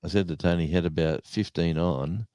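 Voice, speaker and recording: A man's voice: low-pitched, a little fast, mellow, clear, resonant tone, no room sound. A man co-hosting a livestream chat, telling rambling stories and chuckling. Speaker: livestream co-host. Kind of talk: casual storytelling chat.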